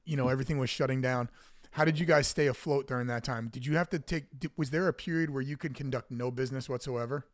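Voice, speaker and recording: A man's voice: mid-range voice, fast talker, no echo. Dry-sounding podcast host man. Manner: brief, upbeat questions and acknowledgements. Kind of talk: casual interview chat.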